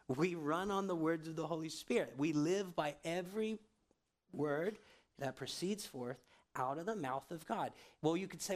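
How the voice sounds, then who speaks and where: Conversational male preacher, higher voice. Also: measured pace. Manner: conversational, checks in with the congregation often. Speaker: pastor. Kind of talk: sermon.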